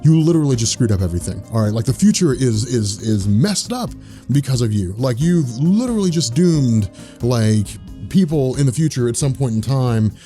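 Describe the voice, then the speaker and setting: An elder king of the gods scolding his son in casual slang, as a man puts him on. The voice stays warm and mellow, with faint music behind. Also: mid-range voice, lively intonation, normal speed, lightly acted. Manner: exasperated slangy lecturing.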